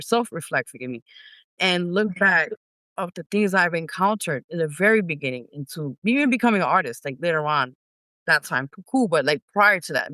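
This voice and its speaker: A middle-aged woman, an independent singer telling stories in an animated way as an interview guest, acting out her own past reactions. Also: low voice, no room sound. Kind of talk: casual interview storytelling.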